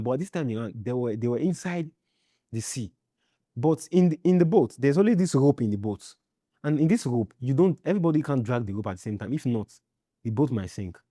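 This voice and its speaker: A Nigerian man telling his own story in a halting way, often repeating himself and checking "you understand?". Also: medium pitch, warm tone, no echo, studio quality. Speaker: interviewee. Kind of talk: personal storytelling.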